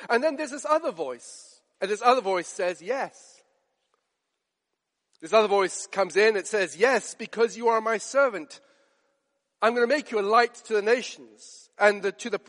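A man delivers a sermon in a high, earnest voice, pressing each point with emphatic repetition. The sound carries a long reverb, as in a large church. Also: a bit bright. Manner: earnest, emphatic, repeats phrases for effect. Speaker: preacher.

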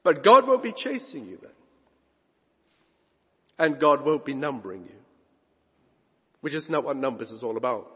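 A man preaching a sermon, emphatic, swinging between loud declarations and hushed asides. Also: medium pitch, animated, moderate pace, long pauses, husky. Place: church hall. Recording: dull recording in a long-reverb hall.

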